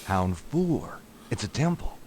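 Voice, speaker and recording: A cocky detective hero. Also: male voice, lowish voice, big pitch swings, unhurried, a little mellow, slight background noise. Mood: smug. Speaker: game protagonist. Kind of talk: 1990s adventure game voice acting.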